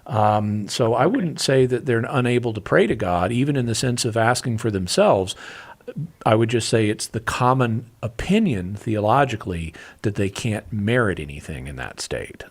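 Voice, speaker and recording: A man answering callers' questions on a call-in radio show, explaining things in a measured way with occasional restarts. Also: lowish voice, expressive.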